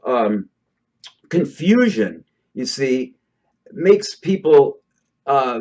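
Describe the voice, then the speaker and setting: Lively rambling man, lo-fi sound. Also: fairly high pitch. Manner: rambling, checks in with "okay?". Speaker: host explaining hypnosis. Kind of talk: casual spoken explainer. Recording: dull lo-fi recording.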